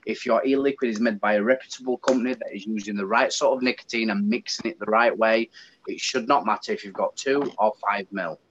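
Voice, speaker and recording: This English-accented British man has a voice on the low side and talks a little fast. As a guest in a casual chat, he rants animatedly and with feeling, captured on dull, lo-fi audio.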